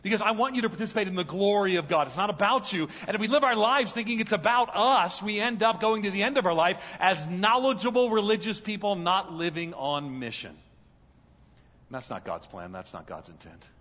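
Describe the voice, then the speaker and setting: High, bright-voiced man preaching a sermon. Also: animated, fairly quick, long reverb tail, highs cut off. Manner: storytelling, builds to loud fervent peaks. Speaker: guest pastor. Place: large church hall.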